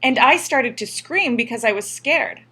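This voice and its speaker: A woman reads a story aloud in an earnest, steady first-person voice. Her pitch sits a little high and her pacing stays even. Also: moderate pace, husky. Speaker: audiobook reader. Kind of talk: scripted narration.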